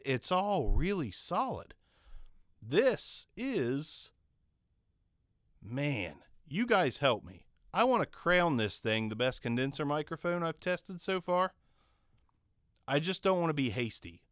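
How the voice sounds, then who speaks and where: A man's voice: on the high side, no echo. A man casually reviewing a microphone he is testing, in a rambling, jokey, self-mocking way, recorded on a condenser studio mic in a home studio. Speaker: microphone reviewer and channel host. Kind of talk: casual gear review talk.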